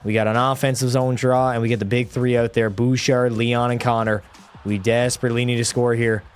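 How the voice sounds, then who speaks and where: A man giving live play-by-play commentary over a hockey video game from a desk microphone at home, excitable and quick to frustrated outbursts. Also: medium pitch, soft background music. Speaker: gaming creator.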